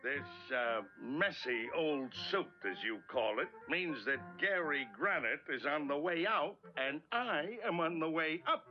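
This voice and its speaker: An actor playing a loud, boastful caveman husband in a vintage cartoon. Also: fairly high pitch, a little slow, hardly any pauses. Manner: blustering, excitable shouting. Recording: dull vintage cartoon soundtrack with music.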